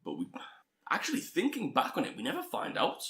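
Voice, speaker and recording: Bright, lively young podcast co-host. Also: male voice, fairly high pitch, fairly quick. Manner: chatty, teasing, thinks aloud. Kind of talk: casual podcast chat.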